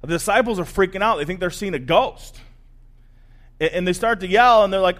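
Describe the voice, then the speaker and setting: Man pastor with a high voice, casual and animated sermon delivery. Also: brisk. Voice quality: conversational, animated storytelling.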